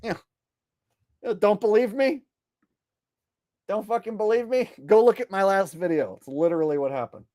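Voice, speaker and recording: A man's voice: sits high, moderate pace, mellow, no echo, studio quality. A man hosting a live stream, ranting bluntly and casually with plenty of swearing. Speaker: streamer host.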